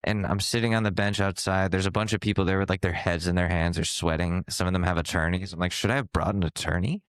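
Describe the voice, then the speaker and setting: A young man co-hosting a podcast, telling a story in a loose, animated way, swearing and laughing as he goes. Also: sits low, fast, clear, resonant tone, no echo. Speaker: podcast co-host. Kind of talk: casual storytelling chat.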